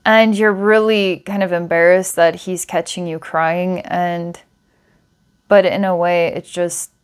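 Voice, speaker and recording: A woman's voice: lowish voice, little pitch movement, a little slow, clear, resonant tone. A woman psychic giving a client a past-life reading, meandering with filler words and small laughs. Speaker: psychic reader.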